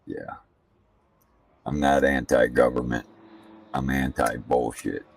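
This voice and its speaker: A man's voice: extremely low pitch, steady tone, slow, gravelly, recorded from a distance, a little hiss or hum. A man giving casual, profane commentary while practicing laps as a sim racing streamer, ranting bluntly between remarks on the car. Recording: voice set back from the mic.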